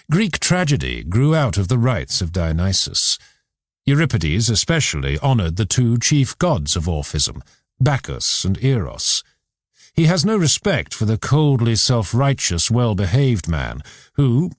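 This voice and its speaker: A man reading a philosophy book aloud in a measured, expressive way. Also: fairly low pitch, no echo, studio quality. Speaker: audiobook reader. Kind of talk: scripted narration.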